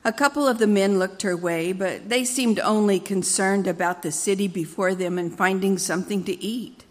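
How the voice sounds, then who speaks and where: A woman reading a dramatic story aloud at a church service, measured and expressive. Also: mid-range voice, big-room sound.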